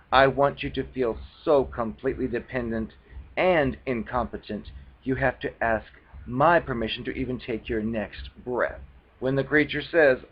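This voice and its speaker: A man's voice: medium pitch, highs cut off. A man reading phrases from a book aloud and mocking them in casual, scornful commentary. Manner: scornful, mocking, loose and conversational. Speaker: video blogger reading from a book.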